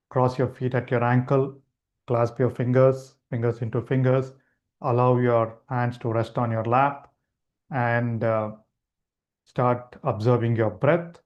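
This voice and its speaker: A man leading a live online meditation class, explaining gently and unhurriedly with frequent restarts. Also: medium pitch, highs cut off. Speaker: meditation teacher.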